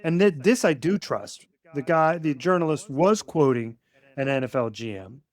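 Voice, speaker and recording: A man's voice: a little high, lively intonation, moderate pace. A middle-aged man co-hosting a sports podcast with his son, ranting bluntly and emphatically, with some swearing. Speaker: podcast co-host, father. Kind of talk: opinionated sports podcast rant.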